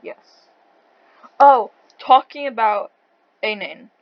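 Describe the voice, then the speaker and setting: Woman interviewer with a thick accent and a fairly high voice, blunt, swears freely, laughs easily. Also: slow pace, lo-fi sound. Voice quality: says she has a thick accent. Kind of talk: casual online interview over voice chat.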